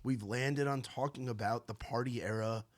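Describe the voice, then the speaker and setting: A man from New York hosting a relaxed, conversational interview. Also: mid-range voice, normal speed. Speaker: podcast host. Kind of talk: casual interview.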